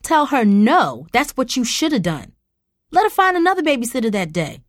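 A woman voicing an angry, exasperated middle-aged mother who scolds loudly. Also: on the high side, big pitch swings, normal speed, dry recording, studio quality, voice pushed up. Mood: scolding. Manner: scolding, loud and indignant.

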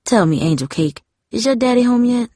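A woman's voice: fairly high pitch, animated, dark tone, no room sound, studio quality, voice pushed up. Woman doing a frail, tender old grandmother. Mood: tender, wandering. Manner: slow, fond and wandering.

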